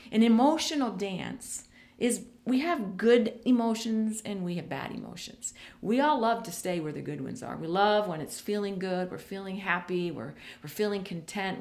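A woman's voice: on the low side, a little mellow. A woman preaching a sermon, speaking directly to her listeners in an earnest way and repeating phrases for emphasis.

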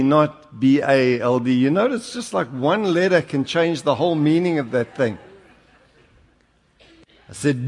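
A man's voice: fairly high pitch, very animated, unhurried, darkish tone, breathy edge. An older man with a South African accent preaching a sermon, telling humorous stories and rising into emphatic exhortation. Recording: long hall reverb.

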